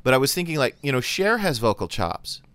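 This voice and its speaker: A man's voice: medium pitch, big pitch swings, brisk, a bit bright, no echo. An older man in a casual panel chat, opinionated and often searching for his words.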